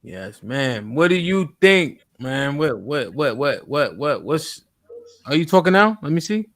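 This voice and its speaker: A man's voice: on the high side, very animated, measured pace, a bit bright, no room sound. Casual man reading donor messages. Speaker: podcast host. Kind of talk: live-stream talk show, reading super chats. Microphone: studio mic.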